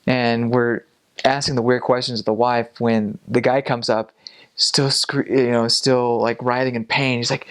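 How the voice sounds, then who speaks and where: A young man recounts a story in a casual, easygoing vlog. He is animated, laughs often and slips into the voices of the people in his story. His pitch sits in the middle for a man. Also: unhurried. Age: young adult. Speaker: former missionary telling a story.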